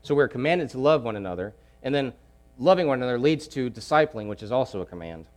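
A man preaching a sermon, emphatic, repeating key phrases and swinging between loud pushes and hushed asides. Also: medium pitch, lively intonation, quick pace.

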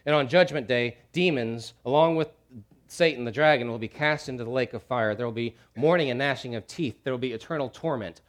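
A man preaching a sermon, swinging from hushed low lines to loud shouts, with jokey asides. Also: brisk. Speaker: pastor.

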